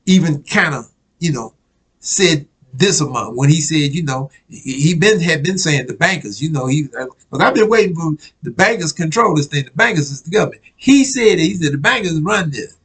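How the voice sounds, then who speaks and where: A man's voice: fairly high pitch, lively intonation, a little fast, a bit bright, breathy edge, poor audio. A man preaching a casual sermon, reading news clippings aloud and often asking if listeners follow him. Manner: conversational, keeps asking "you follow me?"; repeats himself, restarts words.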